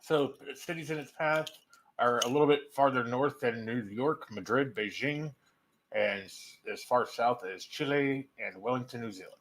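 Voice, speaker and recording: A man's voice: medium pitch, moderate pace, fairly bright tone, low-quality recording. A man in a casual group voice chat who reads out details and corrects the others. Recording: faint noise.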